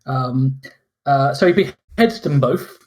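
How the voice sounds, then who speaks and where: A man's voice: mid-range voice, expressive, unhurried, a little mellow, a little hiss or hum. A man co-hosting a podcast, ranting about a film in casual talk, exasperated and mocking as he acts out sarcastic reactions. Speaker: podcast co-host.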